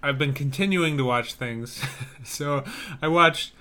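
A man co-hosting a casual podcast, dry and joking in a low-key way. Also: slow pace, pushed and bright. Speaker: podcast co-host. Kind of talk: casual chat.

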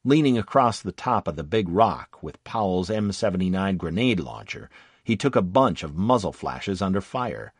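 Brief: low-voiced male narrator, lively delivery, dry close sound, first-person war memoir. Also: normal speed, husky, dry recording. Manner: vivid, dramatic storytelling.

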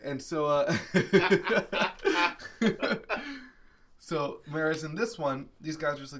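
A man's voice: fairly high pitch, slow pace, fairly bright tone. Laid-back man chatting on a podcast. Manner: laid-back, profane, agreeable. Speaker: podcast co-host. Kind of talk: casual chat.

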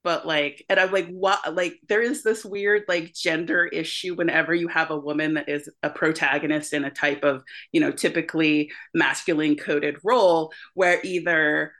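A woman's voice: low voice, steady tone, normal speed, few pauses, a bit bright. A woman talking casually about a film, rambling and leaning heavily on "like" and "you know". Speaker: podcast co-host or guest.

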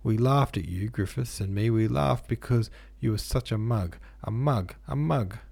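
A man voicing a young woman who pleads, wheedles and turns furious, in a gravelly reading voice. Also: on the low side, moderate pace, a little mellow. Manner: wheedling, then spiteful.

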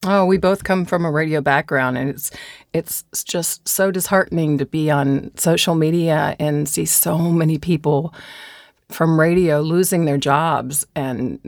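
A female voice actor co-hosting a casual podcast, talking in an animated, playful way. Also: deep voice, no echo, studio quality. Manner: animated, playful, quick to laugh.

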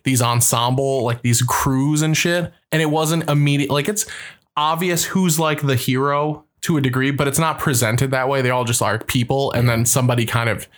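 A young man co-hosting a podcast, chatting casually with crude jokes and frequent laughter. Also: mid-range voice. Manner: laughs often, loose and crude banter. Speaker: podcast co-host. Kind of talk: casual chat.

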